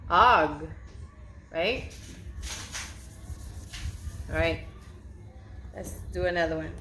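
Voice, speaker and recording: Woman teacher, patient sing-song delivery, very slow pace, echoey room with faint noise. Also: mid-range voice, a bit bright. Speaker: preschool teacher. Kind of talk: online circle-time lesson for young children.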